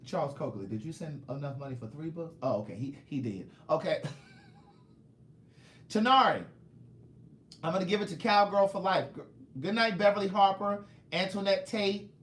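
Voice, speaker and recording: A man's voice: a little high, fairly quick, echoey room. A man hosting a casual livestream, reading viewer comments and playfully calling viewers "niece". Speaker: livestream host and author selling his books.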